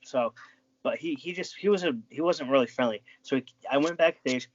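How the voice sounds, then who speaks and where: A man talks through his stories in a loose, rambling way, stopping and restarting mid-sentence. His voice sits at an ordinary pitch. The audio is dry and a little dull. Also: a little fast, dry recording. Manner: rambling, with many restarts and fillers. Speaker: interview guest, former wrestling referee. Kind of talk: casual storytelling.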